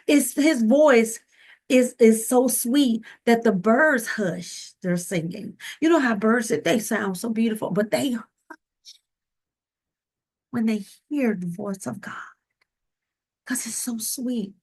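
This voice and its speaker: A woman with a Southern US accent giving a slow, emotive devotional talk about a hymn, often calling out to her listeners. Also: fairly high pitch, expressive, darkish tone, breathy edge. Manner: slow, tender, emotive delivery addressing listeners as y'all. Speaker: ministry speaker and recording artist.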